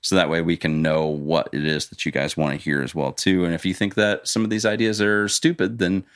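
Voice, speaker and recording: A man's voice: low-pitched, a little fast. A young man from Illinois co-hosting a podcast, talking casually and rambling with lots of fillers. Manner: rambling, relaxed, filler-heavy. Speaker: podcast co-host. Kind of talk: casual chat.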